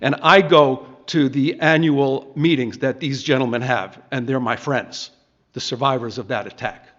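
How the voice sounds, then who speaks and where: A man's voice: mid-range voice, fairly even intonation, normal speed, fairly bright tone. A man making an emphatic, indignant public comment at a council meeting, speaking in short declarative statements. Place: council chamber. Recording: dull, muffled meeting audio.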